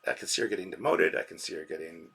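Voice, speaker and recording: Low gravelly man chatting on a stream. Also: rapid-fire, a bit bright. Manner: rambling, reads out chat donations. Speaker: live-stream reaction host. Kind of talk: casual live-stream commentary.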